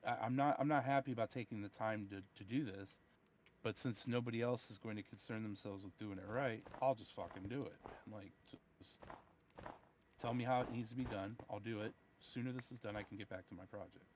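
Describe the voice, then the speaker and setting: A man's voice: lowish voice, fairly quick, slight background noise, rough recording. Tired, swearing man venting on a call. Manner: profane, ranting, retells dialogue. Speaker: software developer. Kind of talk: casual chat over voice call.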